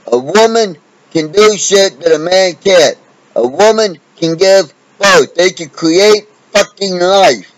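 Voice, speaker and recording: Slow, profane ranting man. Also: sits high, no echo, rough recording. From United States. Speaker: vlogger. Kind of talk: unscripted ranting monologue.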